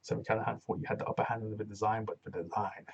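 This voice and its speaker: A man's voice: lowish voice, little pitch movement, rapid-fire, vocal fry, husky, highs cut off. A man casually recapping a wrestling show, rambling and often saying "you know what I'm saying".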